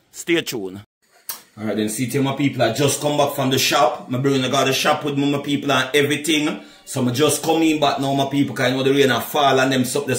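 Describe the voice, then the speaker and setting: A man's voice: fairly high pitch, fairly bright tone, roomy sound. Chatty Jamaican man, cooking vlog. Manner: chatty, keeps calling viewers "my people". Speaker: cooking vlogger.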